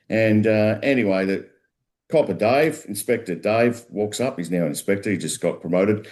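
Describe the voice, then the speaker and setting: Australian man, co-host, low voice, rambling joke, frequent self-corrections. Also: moderate pace, a little mellow.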